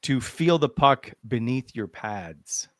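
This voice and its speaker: A male host leads a relaxed post-game hockey chat in an ordinary mid-pitched voice. His sound is close and dry, with no room around it, and he keeps his questions short and friendly. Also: slow, no echo. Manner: easygoing, laughs along, asks short questions. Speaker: host, interviewer.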